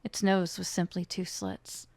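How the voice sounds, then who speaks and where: A woman reads a chapter of her own dark fantasy novel aloud, her voice carrying a gravelly creak. She pushes her voice up for the characters' lines. The sound is dry and close, with no room around it. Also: fairly low pitch, very animated, measured pace, no echo. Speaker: author reading her own book. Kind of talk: dramatic fiction reading.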